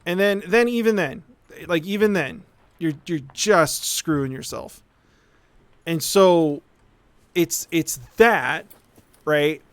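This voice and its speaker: Smooth, dry-voiced man ranting while gaming. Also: on the high side, slow, pauses often, no echo. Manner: rambling, profane, keeps asking "right?". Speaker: streamer. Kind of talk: casual live-stream rant while gaming.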